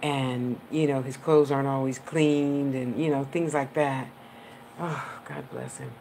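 A woman's voice: a bass voice, fairly even intonation, unhurried, noisy background. A woman, a clairvoyant medium, giving a live-streamed reading in a chatty, affectionate, rambling way and laughing often.

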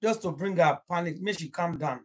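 A woman's voice: on the low side, brisk, breathy edge. A young Nigerian woman hosting a casual gossip livestream, rambling and emotional, slipping Pidgin into her English. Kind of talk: casual live-stream chat.

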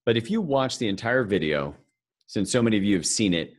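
A man's voice: on the low side, lively intonation, brisk, heavy background noise. A man giving a live financial seminar, talking conversationally and joking with the audience. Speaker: financial speaker presenting to an audience.

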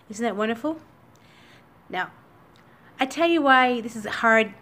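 Woman, casual home vlog, upset and teary, halting speech with restarts, webcam recording. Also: fairly high pitch, expressive, fairly bright tone. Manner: emotional, halting, many restarts. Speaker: vlogger. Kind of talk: casual daily vlog to camera. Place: at home by a computer. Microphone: computer webcam recording.

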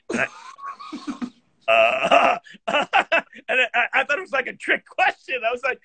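A middle-aged man tells stories over a video call, his high voice leaping all over and slightly husky. He is animated and self-deprecating, laughing often, and the sound is dry and close. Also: a little slow, long pauses, no echo. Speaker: guest musician and teacher. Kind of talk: casual chat, storytelling.

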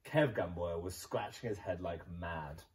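A male primary school teacher from England, reading a children's picture book aloud in an expressive storytelling voice. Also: low-pitched, a little slow, far from the mic, low-quality recording.

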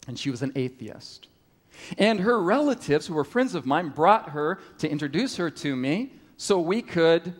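A middle-aged male preacher with a high, very lively voice that swings up and down as he tells his story. His sermon carries a long reverb from a large meeting hall. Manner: storytelling with animated rises and drops.

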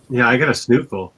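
A man's voice: medium pitch, pushed and bright, husky. A man hosting a casual comic book review show, easygoing and upbeat, with a stuffed-up nose. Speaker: host. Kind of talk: casual chat.

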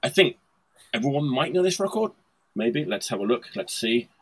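A husky, mid-range voice with big pitch swings carries this host's moderate-paced talk. He presents punk records he's picked in a casual video-call chat, laughing often and rambling eagerly, with lots of fillers.

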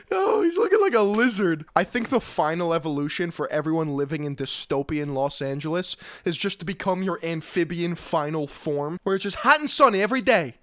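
A man's voice: fairly high pitch, fairly quick, few pauses, bright, forceful tone, no room sound, clean studio sound. A man hosting a comedic reaction video, mocking what he watches with exaggerated jokes and bursts of laughter.

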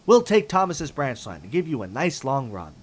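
A man's voice: mid-range voice, very animated, normal speed, breathy edge, voice pushed up. A man voicing a cheery engine driver with an encouraging way of talking.

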